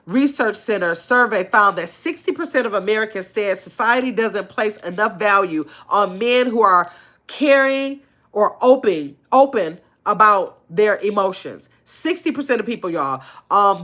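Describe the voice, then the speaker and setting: An older woman hosting a casual livestream, talking earnestly in relaxed slang and reading viewer comments aloud. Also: mid-range voice. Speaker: livestream host.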